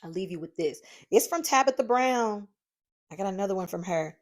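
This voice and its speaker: A woman hosting her own podcast, talking solo in a lively, encouraging way from her home craft room, calling her listeners "y'all.". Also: mid-range voice, a little fast. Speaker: podcast host. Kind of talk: casual solo podcast monologue.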